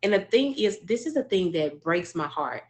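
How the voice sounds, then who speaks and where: A woman's voice: on the low side, very animated, moderate pace, darkish tone. A woman from Arkansas telling a heartfelt personal story in an earnest, emotional way, with frequent fillers and restarts. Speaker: speaker sharing a personal story.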